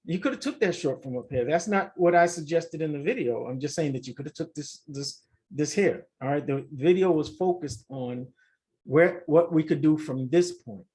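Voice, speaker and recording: A man with a fairly high voice hosts a casual trading video. He walks through his charts in an animated way, repeating points and talking straight to his viewers. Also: moderate pace. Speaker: forex trading channel host. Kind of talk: casual screen-share market review.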